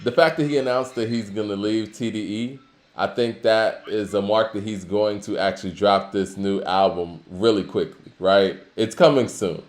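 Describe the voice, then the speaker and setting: A man's voice: lowish voice, steady tone, moderate pace, reverberant. A man co-hosting a casual talk show, musing conversationally with lots of filler phrases. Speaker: podcast co-host. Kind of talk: casual hip-hop discussion.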